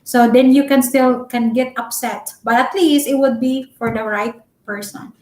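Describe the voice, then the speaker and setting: A young Filipino-accented woman, a Cebuano speaker, giving relationship advice in a chatty, loud-spoken live-stream vlog full of fillers. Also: fairly high pitch, fairly even intonation, normal speed. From Philippines. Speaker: vlogger. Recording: echoey room.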